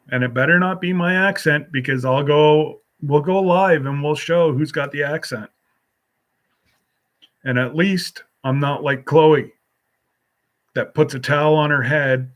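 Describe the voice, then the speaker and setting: Slow, rambling man on a live stream. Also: medium pitch, a bit bright. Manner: rambling, reads and answers viewer comments; teasing, folksy. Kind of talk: casual solo live stream chat.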